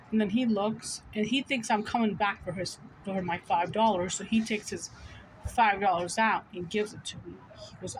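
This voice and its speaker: A woman vlogger casually telling a personal story in a chatty, animated way. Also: mid-range voice, normal speed, slight background noise, rough recording.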